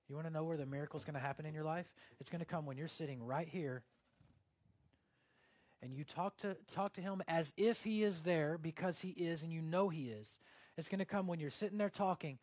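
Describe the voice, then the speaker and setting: A man delivers a sermon in a fairly high voice, chatty and full of fillers. He moves between loud emphatic stretches and soft, almost whispered passages, recorded dry and close with no room sound. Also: expressive, moderate pace, no echo. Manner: conversational, with fillers like "like" and "uh". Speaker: pastor.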